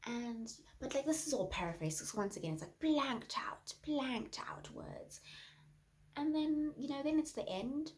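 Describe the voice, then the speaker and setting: A woman improvising a rambling author with a criminal past, deadpan and then menacing. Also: high voice, measured pace. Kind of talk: improvised comedy.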